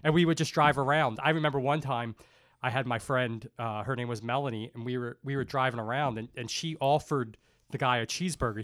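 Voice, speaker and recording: A man's voice: medium pitch, brisk, a bit bright, no echo. A man from Baltimore hosts a podcast conversation with a mid-range voice. He is chatty and reminisces easily. His voice is recorded close and dry. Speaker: podcast host. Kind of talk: casual interview chat.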